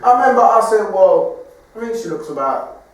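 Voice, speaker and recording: A man's voice: high voice, expressive, fairly quick. A man co-hosting a casual podcast chat, blunt and swearing freely. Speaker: podcast co-host. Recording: echoey room, far from mic.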